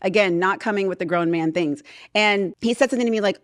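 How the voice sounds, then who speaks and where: A woman in her thirties hosting a podcast, chatting with animated, sassy storytelling in a studio. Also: medium pitch, fast, no room sound. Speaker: podcast host. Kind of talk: casual chat.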